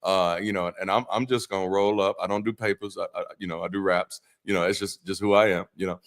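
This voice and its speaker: With a deep, steady voice and a quick pace, a man who used to be a pastor hosts a Bible study livestream. The tone is loose and casual, with cursing and jokey asides, and he repeats and restarts a lot.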